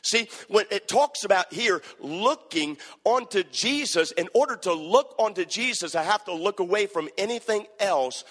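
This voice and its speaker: A man's voice: high-pitched, lively intonation, moderate pace, few pauses, a bit bright, big-room sound. A man preaching a sermon, emphatic and repetitive as he quotes scripture.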